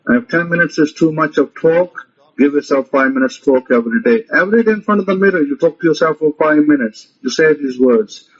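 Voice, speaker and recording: A man's voice: fairly high pitch, fairly quick, husky. A man giving a motivational religious lecture, emphatic and repetitive, often commanding his listeners. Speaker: rabbi teaching a lecture. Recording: muffled lo-fi audio.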